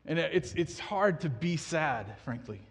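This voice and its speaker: A man's voice: fairly high pitch, lively intonation, a little slow, long reverb tail. A man in his thirties preaching a sermon, earnestly asking the congregation questions and often restarting his sentences. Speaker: pastor.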